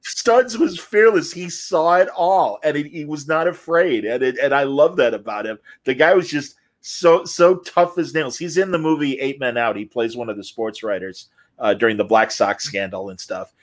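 A man's voice: medium pitch, normal speed. A man hosting a live Q&A interview, telling anecdotes animatedly and acting out the people he quotes. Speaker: host.

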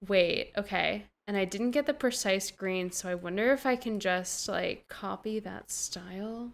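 Young female gamer, slow unhurried delivery, gasps and gushes over every find, slangy self-talk. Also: medium pitch, gravelly. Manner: gushing, easily delighted, gasping often; slang-heavy, talks to herself while playing. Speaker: gaming streamer. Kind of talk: casual gameplay commentary.

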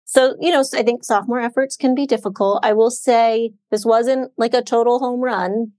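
A woman with a voice on the high side co-hosts a bookshop podcast, chatting about books in a relaxed way at normal speed. She uses lots of "um" and "like," and there's no room sound.

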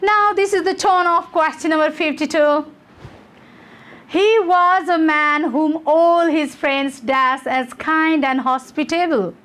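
A woman's voice: high-pitched, fairly bright tone. A woman English teacher from Nepal, walking students through exam questions and checking in with "okay" and "you know".

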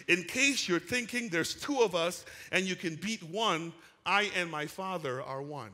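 A male pastor preaching a lively sermon, calling out to the congregation and swinging from quiet asides to loud shouts. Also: fairly high pitch, in a large hall. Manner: animated preaching with call-and-response, rising to shouts. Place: church sanctuary.

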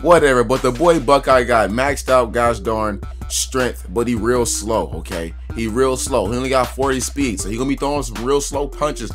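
Man, gaming YouTuber, casual gameplay commentary, slangy, excitable, mid-range voice, faint music behind. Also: mid-range voice. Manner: slangy, loose and excitable, talking to viewers.

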